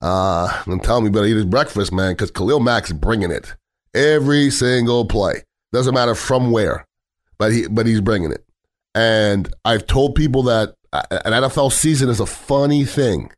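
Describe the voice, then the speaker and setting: A man's voice: fairly low pitch, normal speed. A middle-aged man giving a blunt, heated sports talk rant on football, swearing freely and repeating himself as he drives his points home.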